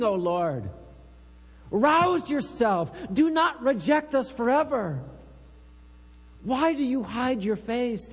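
Male preacher, unhurried, reads scripture earnestly, lingering reverb. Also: high voice, husky. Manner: slow, earnest, reads psalms with rising intensity. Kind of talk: sermon with scripture reading. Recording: long reverb with mains hum.

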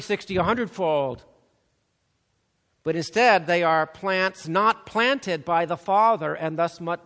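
A man preaching a sermon, swinging between loud, urgent emphasis and hushed, soft passages. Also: sits high. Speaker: pastor. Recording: long reverb of a large hall.

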